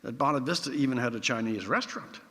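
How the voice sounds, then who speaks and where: Wry orator in a reverberant hall. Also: male voice, medium pitch, fast talker, very noisy. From Newfoundland, Canada. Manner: theatrical, wry storyteller with rhetorical flourishes. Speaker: keynote speaker. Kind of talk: after-dinner speech with anecdotes. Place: large event hall.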